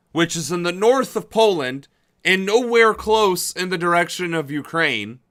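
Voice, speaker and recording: A man's voice: high-pitched, bright, forceful tone, clear, resonant tone. A young man streaming casual political commentary, blunt and exasperated, swearing often.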